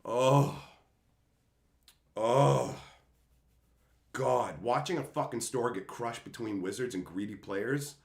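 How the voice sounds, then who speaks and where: A man's voice: mid-range voice, expressive, normal speed, few pauses, reverberant. Man in a profane, heated rant. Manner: profane, heated, swings from shouting to muttering. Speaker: channel host. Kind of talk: angry rant to camera.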